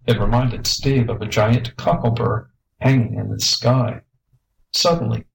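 Give me a man with a gravelly voice narrating a children's story in a steady way. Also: mid-range voice, low-quality recording. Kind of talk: reading a children's story aloud.

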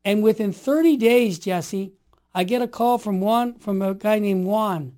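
A man in his sixties, a guest telling stories with passion and rising into forceful exhortation. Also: high voice, unhurried. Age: 60s. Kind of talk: impassioned storytelling.

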